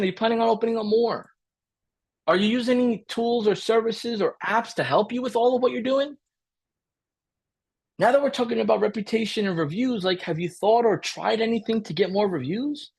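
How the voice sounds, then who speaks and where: A man's voice, extremely high in pitch yet darkish in tone and husky, carries an energetic live training webinar. He repeats his points, often asks "right?", and acts out client conversations in fast role-play.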